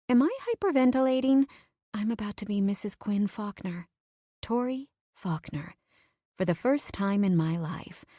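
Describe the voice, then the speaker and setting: A woman narrating a first-person romance audiobook in a studio, expressive and dropping to whispers for inner thoughts. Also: on the low side, no echo.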